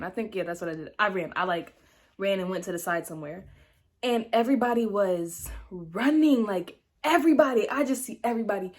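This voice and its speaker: A young woman telling a story to her camera in a loose, chatty, slangy way. Her voice swings from low, quiet asides to sudden high, dramatic exclamations. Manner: animated, chatty, dramatic pitch jumps when telling the story; slangy casual speech. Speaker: vlogger. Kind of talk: storytime vlog.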